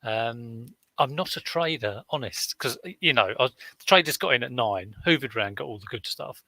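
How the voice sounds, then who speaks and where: A man in casual live-stream chat, telling rambling stories full of fillers and restarts. His voice is bright and forward, and the recording is dry and close. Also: medium pitch, expressive, normal speed, gravelly, no echo. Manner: rambling, chatty storytelling with many fillers and restarts. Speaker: reseller vlogger.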